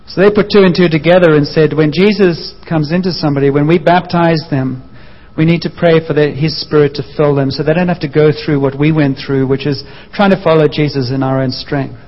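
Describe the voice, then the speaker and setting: Preacher in a long-echoing hall. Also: male voice, a little high, fairly quick. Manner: lively storytelling, acting out voices. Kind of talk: sermon. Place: church hall. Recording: dull sound with long hall reverb.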